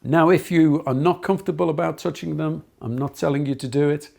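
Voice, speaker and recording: Gravelly man lecturing trainee teachers. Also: a little high, steady tone, fairly quick, a little mellow. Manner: earnest, anecdotal, with frequent fillers and restarts.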